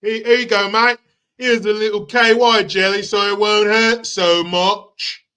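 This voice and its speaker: A man putting on a meek simpering man, mincing and pleading, lifted higher than his normal voice, bright edge. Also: little pitch movement, a little slow, clear, resonant tone. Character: simpering meek man begging for gentleness, mocked.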